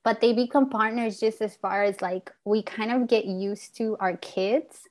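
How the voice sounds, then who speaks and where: A woman's voice: a little high, fairly even intonation, unhurried, a little mellow. A woman in her forties talking in an earnest, reflective way, casual and candid, with the odd swear word, as a podcast host. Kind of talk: candid heartfelt conversation.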